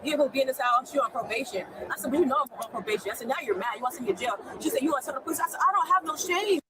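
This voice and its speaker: A woman's voice: high voice, rapid-fire, crowd noise, background noise. A woman recounting a family fight at home in an agitated rush, constantly quoting what everyone said. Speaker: person telling an officer about a family fight. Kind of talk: heated retelling.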